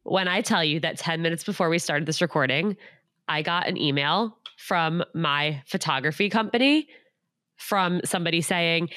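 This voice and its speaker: A woman's voice: on the low side, moderate pace, a bit bright, dry recording, studio quality. A woman hosting a podcast in casual chat, talking in a chatty way with lots of 'like'. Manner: chatty, uses 'like' a lot. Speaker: podcast host.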